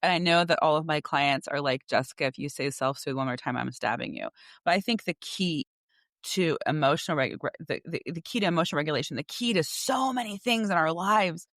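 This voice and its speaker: Animated mom telling parenting stories. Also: female voice, low voice, a little fast, no room sound, studio quality. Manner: animated storyteller who acts out her kids' voices. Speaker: podcast co-host and coach. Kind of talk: casual chat.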